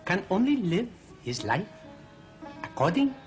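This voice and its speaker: A man's voice: high-pitched, very animated, unhurried. An actor playing a solemn male mystic who intones mock-profound proverbs in a TV comedy. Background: sitar music.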